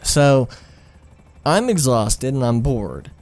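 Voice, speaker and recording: A man's voice: mid-range voice, lively intonation, normal speed, darkish tone, no room sound. A young man telling a personal story over gameplay in a rambling, profane, frank way. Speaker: gaming storyteller.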